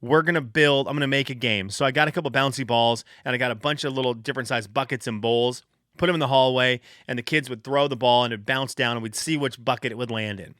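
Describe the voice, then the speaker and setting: A man in his thirties hosts a casual solo podcast, telling family stories with animation and slipping into voices for his kids. His tone is bright and forward, and the sound is close and dry with no room around it. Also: mid-range voice, quick pace, no echo. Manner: animated storytelling, acts out quotes of his kids. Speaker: podcast host.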